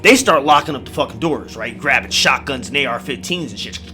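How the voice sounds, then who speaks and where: A man's voice: mid-range voice, brisk, soft background music. A man telling a scary story in a casual, profane way, swearing often and acting out the scenes. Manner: animated, swears constantly, acts out the scenes. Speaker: horror storyteller.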